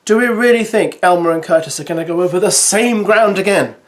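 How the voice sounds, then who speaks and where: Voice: medium pitch, a little fast. Wry reality TV commentator. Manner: wry, chatty asides to viewers. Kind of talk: recap commentary with read-out summaries.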